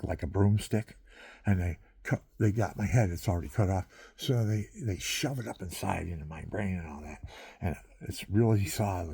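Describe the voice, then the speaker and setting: Low raspy guy just rambling into a tape, dark mellow tone, chuckles a lot, dry close sound. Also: no room sound. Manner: rambling, drifting between stories, chuckling often. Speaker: monologuist recording himself. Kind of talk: rambling casual monologue.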